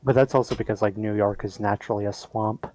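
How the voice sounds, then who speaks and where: A man's voice: fairly low pitch, steady tone, quick pace, darkish tone, soft background music, rough recording. A man co-streaming a game, chatting casually and explaining things step by step.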